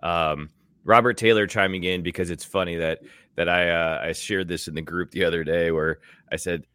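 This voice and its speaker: A man's voice: fairly even intonation, moderate pace, bright, forceful tone, smooth, dry recording. A man co-hosting a casual sports podcast, boastful and joking as he talks about bets and games. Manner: boastful, joking, talks in big swings of pitch. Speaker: podcast co-host. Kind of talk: casual sports betting chat.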